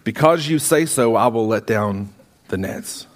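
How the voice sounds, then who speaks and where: A man's voice: on the low side, lively intonation, measured pace, voice pushed down. A man reading lines as Simon, a weary fisherman.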